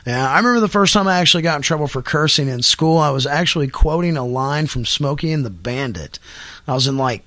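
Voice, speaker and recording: A man's voice: on the high side, fast, no echo. A middle-aged man telling profane stories in a casual chat, laughing often. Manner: profane, animated, laughs a lot.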